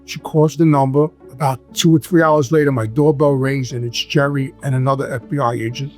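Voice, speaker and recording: A man's voice: mid-range voice, steady tone, a little fast, darkish tone, soft background music. A man with a New York accent telling stories in casual, rambling talk and acting out the dialogue. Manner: rambling, acts out quoted dialogue. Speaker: guest telling his life story. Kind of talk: casual storytelling.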